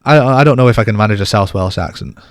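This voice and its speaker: A man's voice: on the low side, quick pace, dry recording, clean studio sound. A man co-hosting a podcast, chatting casually in a bantering, self-deprecating way. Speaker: podcast co-host.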